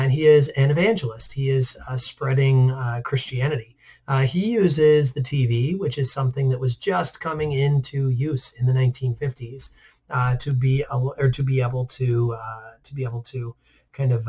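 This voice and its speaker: Male history teacher, relaxed lecture over slides, frequent fillers. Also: medium pitch, normal speed. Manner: relaxed, many "uh" fillers, conversational asides.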